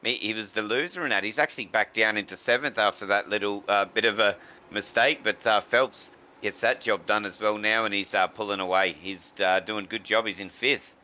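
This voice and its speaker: Bright-voiced male co-commentator, dull audio. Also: on the low side, brisk. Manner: relaxed, with many fillers and restarts. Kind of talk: sim racing commentary.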